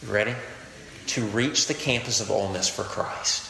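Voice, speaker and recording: A man's voice: lowish voice, moderate pace, gravelly, reverberant, long reverb tail, crowd noise, rough recording. A man preaching a sermon to a campus group, earnest and conversational, weaving in stories and quotes. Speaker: campus ministry pastor.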